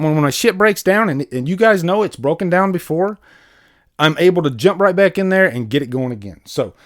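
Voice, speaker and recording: A man hosting a live stream, chatting casually with his viewers and greeting them, excitable and wired, swearing freely. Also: a little high, no room sound, studio quality. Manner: talks straight to viewers, greets chat.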